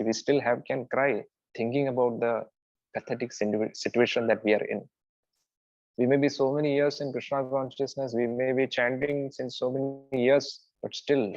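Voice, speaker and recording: A man giving an earnest devotional talk, with soft laughs and restarts. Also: mid-range voice, dry recording, lo-fi sound. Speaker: preacher.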